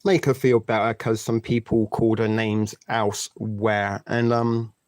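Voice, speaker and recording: A man's voice: fairly low pitch, level tone, a little slow, darkish tone. 40s guy rambling on his live stream, dirty jokes, dry sound, no room echo. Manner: joking, crude, chatty with chat viewers. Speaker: livestream host. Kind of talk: casual live-stream chat.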